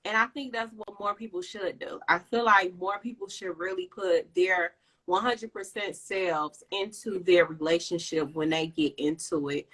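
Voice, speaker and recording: A woman's voice: fairly low pitch, bright, forceful tone, rough recording. A woman life coach hosting a casual chat, giving earnest, encouraging advice about relationships. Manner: earnest, encouraging, laughs often.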